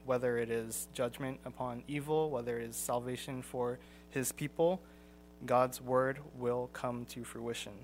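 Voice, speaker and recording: A young man teaching a Bible class in a conversational way, pausing often with ums and restarting his sentences. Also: mid-range voice.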